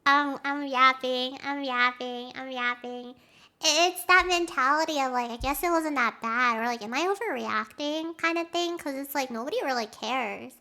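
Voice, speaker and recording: A young woman streamer chatting with her viewers, rambling excitedly, acting out quotes and laughing often. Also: high-pitched, moderate pace. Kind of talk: casual chat with stream viewers.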